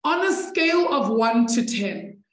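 A woman's voice: on the high side, expressive, unhurried, a bit bright. Chatty woman teacher in an echoey room. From South Africa. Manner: chatty, encouraging, laughs with students. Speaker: maths teacher. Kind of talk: live online maths class.

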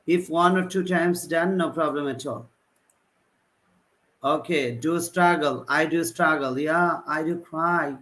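Man, teacher on a live class, slow and halting, fairly high voice, repeats examples. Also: fairly bright tone, poor audio. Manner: repetitive example sentences, halting delivery. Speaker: English teacher. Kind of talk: live online typing class.

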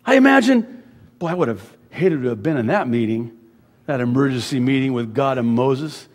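A man preaching a sermon as pastor, dropping to hushed words and rising to loud emphasis. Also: medium pitch, expressive, normal speed, big-room sound. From USA. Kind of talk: expository sermon. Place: church sanctuary.

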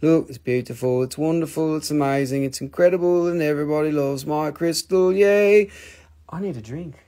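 A man's voice: a little high, brisk, mellow. A man hosting a casual live crystal sale, joking and rambling playfully. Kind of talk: casual live sales stream.

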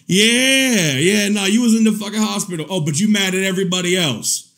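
A man giving casual reaction commentary in a profane, mocking, animated way, often breaking into laughter. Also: sits high, fairly quick. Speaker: commentary vlogger.

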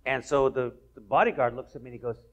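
A man hosting an onstage conversation at a college event, telling stories in an animated, playful way. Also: mid-range voice, fast talker, dull audio. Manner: animated storyteller, playful asides. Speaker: host.

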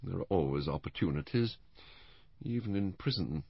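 A man reading an audiobook, voicing a calm, defiant, unemotional older blind woman who runs a spy ring. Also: sits low, normal speed, creaky, husky, no room sound, lo-fi sound, full character voice. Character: cold, composed blind older woman spymaster. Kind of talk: audiobook character voice.

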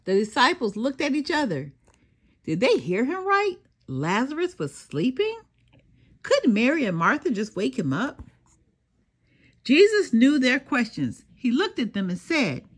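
An older woman reading a children's storybook aloud, slow and sing-song with dramatic pauses and a softly breathy voice. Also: sits high, huge pitch swings. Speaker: storybook reader. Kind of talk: expressive children's read-aloud.

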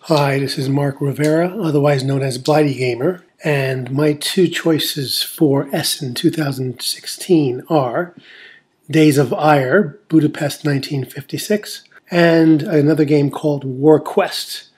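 A man leaving a steady recorded message as a guest. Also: a little high, unhurried, breathy edge. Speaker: guest contributor.

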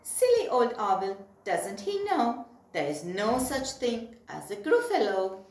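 A woman's voice: on the high side, big pitch swings, slow, darkish tone. A woman voicing a clever, cheeky little brown mouse in a playful sing-song storybook voice. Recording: roomy echo.

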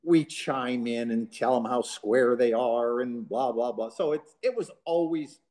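A man from Southern California co-hosting a relaxed podcast conversation. He tells stories with energy and acts out what other people said. His voice sits at an ordinary, middle pitch. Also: unhurried. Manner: animated anecdote teller who acts out quotes. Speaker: co-host. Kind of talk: casual podcast chat.

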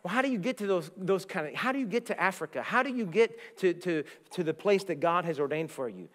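A middle-aged male pastor from the United States telling stories in a sermon, animated, often repeating words and acting out the voices he quotes. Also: high voice, quick pace. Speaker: guest pastor. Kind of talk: sermon with storytelling. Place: church sanctuary.

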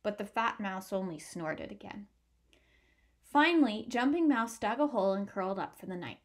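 A woman reading a picture book aloud with clear, expressive storytelling. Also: mid-range voice, normal speed.

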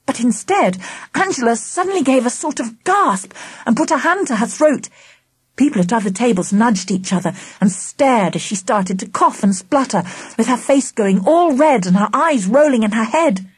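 A woman narrating a children's novel in first person, with animated, expressive delivery in a fairly high voice. Her tone is a little breathy, and the recording is close and dry. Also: normal speed, no room sound. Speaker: audiobook narrator. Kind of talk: scripted children's book narration.

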